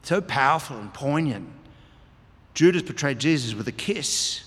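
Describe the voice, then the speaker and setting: A man's voice: mid-range voice, lively intonation, a little slow, a bit bright. A man preaching a sermon, reading scripture aloud and explaining it with emphatic repetition. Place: church hall. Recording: long hall reverb.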